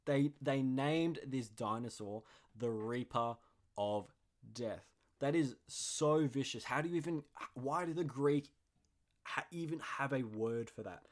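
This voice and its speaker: A young man hosting a podcast, chatting casually in an excitable, slangy and jokey way. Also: medium pitch. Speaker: podcast host.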